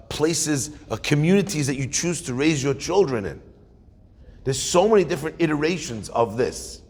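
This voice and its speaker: A man giving a conversational sermon as a rabbi, asking his listeners questions. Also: medium pitch. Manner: conversational, animated, asks the audience questions. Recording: hall reverb.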